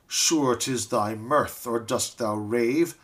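A man's voice: mid-range voice, takes it slowly, lightly acted. A man reading a ballad aloud, voicing a proud young nobleman with a scornful, haughty manner. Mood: scoffing.

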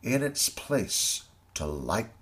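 A man's voice: lowish voice, big pitch swings, slow, a bit bright. A man narrating a rhyming children's story in a sing-song, theatrical way.

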